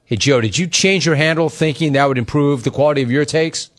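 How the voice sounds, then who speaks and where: A man's voice: on the high side, a little fast. A sports talk host, a man with a slightly raised voice, needles opposing fans with a mocking, amused delivery. He keeps reading listener messages off the chat as he goes. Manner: mocking, teasing, laughing at callers; reads chat messages aloud. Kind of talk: sports talk radio commentary.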